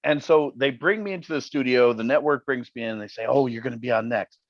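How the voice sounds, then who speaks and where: A man guesting on a podcast interview, telling stories in an animated, jokey way. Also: mid-range voice, quick pace, no echo, lo-fi sound. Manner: animated, jokey storyteller who acts out quotes. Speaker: interview guest, paranormal TV personality. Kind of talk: casual interview storytelling.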